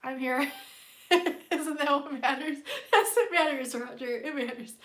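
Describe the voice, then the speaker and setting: A woman's voice: high-pitched, normal speed, a bit bright, echoey room. A playful, giggly woman with a stuffy nose, chatting casually as a tarot reader on a live stream. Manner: playful and giggly, hums silly tunes.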